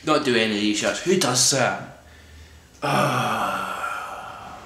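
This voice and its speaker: A man's voice: medium pitch, drawn-out words, bright, forceful tone, slight background noise. A man ranting in a sweary, exasperated vlog monologue. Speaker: vlogger reviewing a comedy show. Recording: echoey room.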